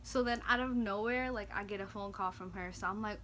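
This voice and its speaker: A young woman vlogger casually telling a story, animated and slangy, full of "like" and swearing. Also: medium pitch, a little fast, slight background noise.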